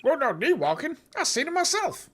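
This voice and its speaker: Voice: huge pitch swings, moderate pace, a bit bright, a little hiss or hum, full character voice. A streamer doing a yelping folksy thief. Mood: boastful. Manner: high, yelping, folksy drawl. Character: nervous twangy old thief witness, boastful.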